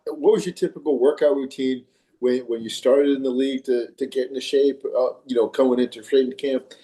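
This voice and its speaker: A man co-hosting a podcast, asking long questions in a halting way, repeating words as he goes. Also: mid-range voice, dark tone, poor audio. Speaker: podcast co-host. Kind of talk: casual interview questions.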